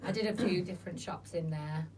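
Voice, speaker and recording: A woman's voice: lowish voice, a little fast, a little mellow. Chatty woman, sweary storyteller. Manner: chatty, swears freely, acts out quotes. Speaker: interview guest. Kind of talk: frank casual chat. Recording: distant mic with faint noise.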